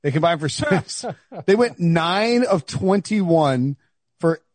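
A man hosting a casual sports podcast, his voice high-pitched and a touch husky. He talks in animated, exasperated bursts, stumbling and restarting as he riffs. The recording is dry and close, with no room sound. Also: slow pace, dry recording. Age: adult, married. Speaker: podcast host.

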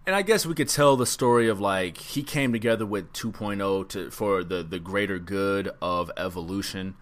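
A man's voice: low voice, normal speed. A man co-hosting a casual podcast, musing in a laid-back way and trailing off with ums. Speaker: podcast co-host. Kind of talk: casual wrestling podcast chat.

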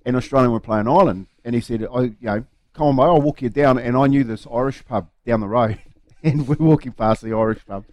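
A New Zealand man co-hosts a breakfast radio show and tells stories in a relaxed, chatty way. His voice sits mid-range, and he says mate often. The studio sound is dry and close to the mic. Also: mid-range voice, a little fast, no echo. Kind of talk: casual radio chat.

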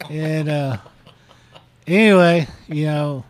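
A man's voice: fairly high pitch, measured pace, long pauses. A man casually retelling a listener's story on a podcast, full of fillers and restarts. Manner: rambling, many fillers like "you know". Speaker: podcast host.

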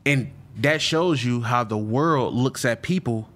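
A man's voice: mid-range voice, a little slow, a bit bright. Slangy, rambling man being interviewed. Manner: loose, slangy, repeats himself and restarts. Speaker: interview guest. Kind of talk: casual interview talk.

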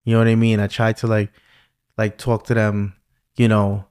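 A middle-aged man with a New York accent hosting a casual podcast interview, telling stories in a lively way and often asking "you know what I mean". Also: fairly low pitch, normal speed, clear, resonant tone. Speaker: podcast host.

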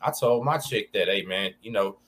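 A man's voice: lowish voice, moderate pace, a bit bright. A man with a Texan accent hosting a podcast, talking casually in laid-back street slang. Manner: laid-back street slang, calls listener dog and bro. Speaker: podcast host. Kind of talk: casual conversation about prison life.

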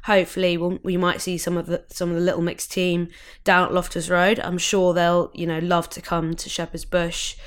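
A woman's voice: fairly low pitch, monotone, moderate pace, clear, resonant tone. A young woman co-hosting a football podcast, chatting casually with frequent restarts. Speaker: podcast co-host.

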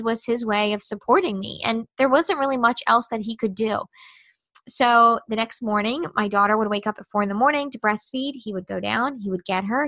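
A woman's voice: fairly high pitch, a bit bright, no echo. A woman in her thirties, a podcast guest, telling a personal story in a candid, earnest way and acting out the conversations she remembers.

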